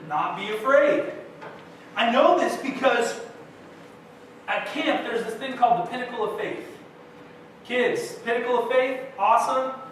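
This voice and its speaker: A man's voice: very high voice, measured pace, pauses often, a bit bright. A young man preaching a sermon as pastor, telling casual, self-deprecating stories to his congregation in a church. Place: church sanctuary. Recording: echoey church hall from far off with faint noise.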